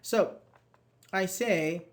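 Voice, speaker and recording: Guy running an online grammar class, kinda high voice, patient, keeps saying very good to the chat. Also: drawn-out words. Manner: patient, praising, reads students' chat answers aloud. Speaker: English grammar teacher.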